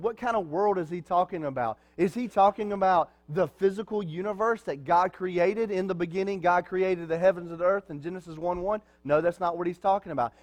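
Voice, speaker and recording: High-voiced man preaching a sermon. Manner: conversational preaching with rhetorical questions to the congregation. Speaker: pastor.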